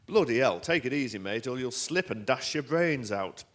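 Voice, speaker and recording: A man reading aloud, voicing a blunt male decorator with a Yorkshire accent who calls out a loud, gruff warning. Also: medium pitch, expressive, moderate pace, lightly acted. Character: blunt working-class male decorator on a ladder.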